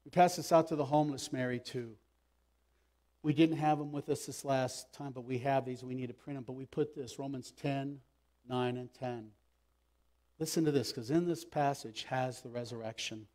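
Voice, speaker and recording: A man preaching a sermon as pastor, swinging from loud emphatic bursts to soft asides. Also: steady tone, normal speed. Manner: acts out quoted speech with raised pitch. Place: church sanctuary.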